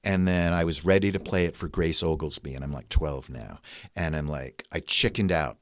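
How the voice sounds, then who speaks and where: Deep-voiced man telling a story, dry sound. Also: normal speed, dry recording. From New York. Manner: rambling, self-mocking, peppered with "like". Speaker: guest storyteller. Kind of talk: casual spoken storytelling.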